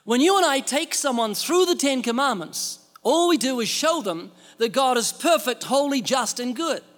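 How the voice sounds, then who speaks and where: A man's voice: very high-pitched, lively intonation, moderate pace, fairly bright tone, big-room sound, faint music behind. A man preaching a sermon in an emphatic way, asking rhetorical questions.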